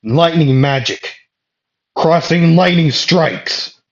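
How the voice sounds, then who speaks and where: Guy putting on a brash young fighter yelling and griping, pitched way up, muffled lo-fi mic. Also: sing-song, slow. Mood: battle cry. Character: brash young male fighter, loud and exasperated.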